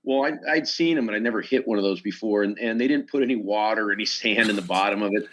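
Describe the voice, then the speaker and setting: Talking fast in a lowish voice, this stuntman shares casual stories on a podcast and animatedly acts out the dialogue within them. The audio has its highs cut off.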